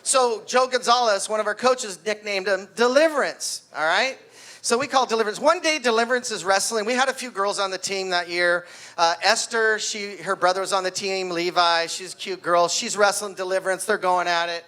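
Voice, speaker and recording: A man's voice: high voice, fairly quick. A man in his sixties doing stand-up at a party, a wrestling coach telling stories and acting out the kids. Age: 60s. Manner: animated storyteller, acts out kids' voices. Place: party venue with live audience.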